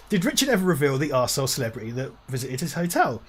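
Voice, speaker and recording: Male co-host, casual and sweary, animated delivery. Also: on the high side, very fast, husky. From Britain. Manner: sweary, laughs often. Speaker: watch party co-host. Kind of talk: casual chat. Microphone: lapel mic.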